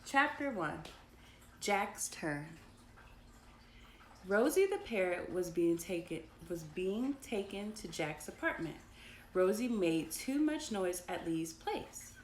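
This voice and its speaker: A woman hosts a bedtime story session, chatting playfully with her young listeners. She reads slowly and her pitch swings animatedly. The recording has a roomy echo and a faint hum of ambience. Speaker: children's book reader. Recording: echoey room with faint ambience.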